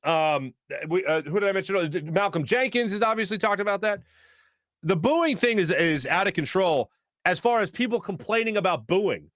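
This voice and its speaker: A man's voice: high voice, animated, normal speed, fairly bright tone, dry recording. A man hosting a casual sports talk show from a studio, joking, laughing often and reading out viewer comments with fired-up opinions.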